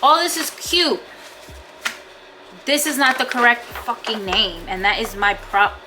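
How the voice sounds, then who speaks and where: A woman's voice: on the high side, animated, unhurried, over music. A woman vlogging casually about her small business, venting her frustration and swearing often. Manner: frustrated, swearing, repeats herself. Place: out and about, then at home.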